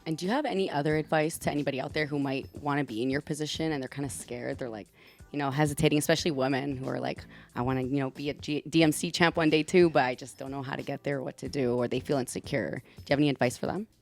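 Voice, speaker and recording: A young woman hosts with a low, deep voice and a chatty, playful manner. She asks questions casually and keeps laughing along. Faint music sits under the talk. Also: steady tone, quick pace. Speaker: podcast host. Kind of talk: casual interview chat.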